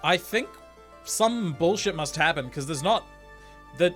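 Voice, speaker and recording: Male streamer, joking crude and self-mocking, bright voice, faint game music. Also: a little high, animated, measured pace. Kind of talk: casual let's-play chat.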